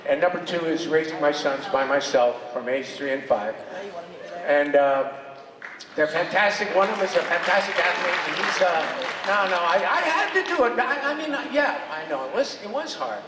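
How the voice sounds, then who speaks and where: A man's voice: high-pitched, animated, moderate pace, noisy background. An older man telling joking, opinionated stories to a convention audience. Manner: joking, opinionated storytelling with laughs. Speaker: convention panel guest. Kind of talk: animated convention panel talk. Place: large convention hall. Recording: echoey hall, distant mic, crowd. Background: audience reactions.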